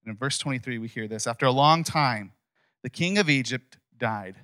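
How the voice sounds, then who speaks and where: Male pastor, casual sermon, emphatic and conversational; crisp bright tone, dry close sound. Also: mid-range voice, moderate pace, no echo.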